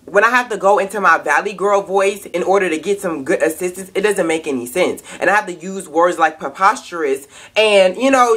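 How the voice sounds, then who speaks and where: Angry ranting young woman, low-pitched. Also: a bit bright, husky. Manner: angry, profane, emphatic ranting. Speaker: vlogger. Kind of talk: profane ranting vlog.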